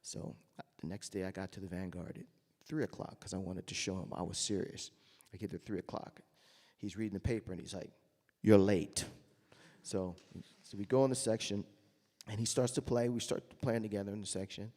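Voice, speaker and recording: A man's voice: lowish voice, fairly even intonation, fairly quick, long reverb tail. A man, a jazz trumpeter, telling anecdotes to an audience and acting out the voices he quotes. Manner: storytelling, acts out quoted voices loudly.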